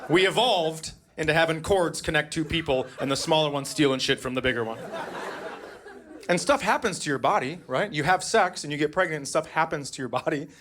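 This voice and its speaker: A man doing stand-up comedy on stage, profane and sardonic, with dry deadpan asides. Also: on the high side, a little fast, a little hiss or hum. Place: comedy stage before a live audience. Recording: live audience laughter throughout.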